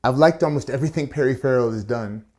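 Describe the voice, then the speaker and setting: Casting: male bartender host, mid-pitch, loose chatty tutorial delivery, playful slangy asides. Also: fast talker, darkish tone. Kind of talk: casual cocktail tutorial.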